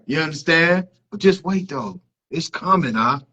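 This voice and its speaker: A man's voice: fairly high pitch, lively intonation, normal speed, sharp tone, slightly rough. A man reading scripture and then preaching emphatically, often repeating a question for emphasis. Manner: emphatic, repeats "you understand?". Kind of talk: preachy discussion. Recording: dull lo-fi recording.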